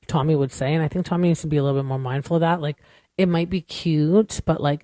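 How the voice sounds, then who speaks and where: A podcast host with a low-pitched, dark-toned voice is heard in a clean, dry studio recording. She talks through a show recap as a casual chat, candid and opinionated, rambling with many a "like" and "you know."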